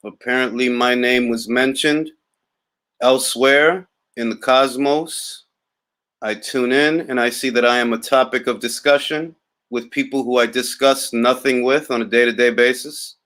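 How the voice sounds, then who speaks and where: A young man from Harlem talks with a relaxed New York accent, hosting a casual boxing livestream. He answers viewer comments in an easy, drawling way that turns wry and a little boastful. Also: medium pitch, a little slow. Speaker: boxing talk host reading live chat.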